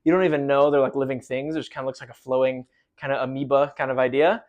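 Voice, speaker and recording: A man's voice: medium pitch, little pitch movement, quick pace, narrow, tinny audio. A man teaching marching band choreography, explaining loosely with lots of fillers and counting steps aloud, a little out of breath from demonstrating.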